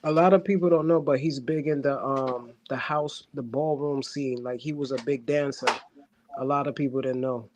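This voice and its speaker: A man's voice: mid-range voice, fairly even intonation, normal speed, background noise. A man chatting casually on a live video call, laid-back and dropping brief comments. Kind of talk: casual chat.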